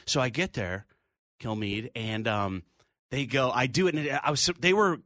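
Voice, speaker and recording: A man's voice: mid-range voice, normal speed, no echo, clean studio sound. A man who is a comedian, telling stories in casual chat and acting out the people he quotes. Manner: animated, acts out quoted voices. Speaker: comedian guest.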